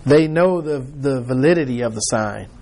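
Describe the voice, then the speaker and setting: A man's voice: mid-range voice, animated, moderate pace, mellow. A man leading an informal Bible study, talking conversationally with frequent restarts and acting out people's reactions.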